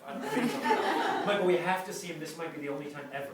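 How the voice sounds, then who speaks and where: A man's voice: fairly high pitch, fast, few pauses, heavy background noise. A man telling a comic story live, acting out the people he quotes in funny voices. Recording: distant mic, roomy echo, loud crowd. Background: audience laughter.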